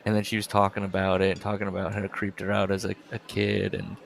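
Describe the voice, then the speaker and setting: A man chatting casually as a podcast co-host, with a voice a little lower than most men's. He wanders through his stories with plenty of fillers, stops and restarts. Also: completely flat delivery, fast, vocal fry. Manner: rambling storyteller with many fillers and restarts. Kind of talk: casual chat.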